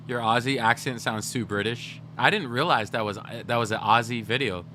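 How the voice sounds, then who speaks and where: A man's voice: medium pitch, normal speed, bright, forceful tone, a little hiss or hum. Joking young male streamer. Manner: joking, rambling, talking to chat. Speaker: game streamer. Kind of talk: casual livestream chat.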